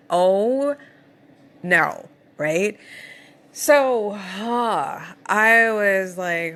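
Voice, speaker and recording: A young woman hosts a podcast and tells a personal story in loose, casual talk. Her voice swings high and low as she gets caught up in it, and she swears freely along the way. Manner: animated, swears, laughs through her story. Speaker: podcast host.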